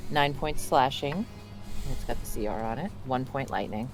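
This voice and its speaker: A man's voice: mid-range voice, moderate pace, music in the background. A man playing a tabletop game, chatty and apologetic, double-checking the rules as he rolls. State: clearing throat, choking on mucus. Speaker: player. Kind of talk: casual tabletop play.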